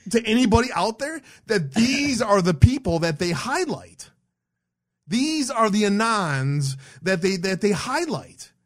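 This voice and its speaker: A man's voice: sits high, big pitch swings, measured pace, fairly bright tone. A man hosting an online show, ranting with heavy swearing, blunt and rambling, often restarting his sentences. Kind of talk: heated ranting commentary.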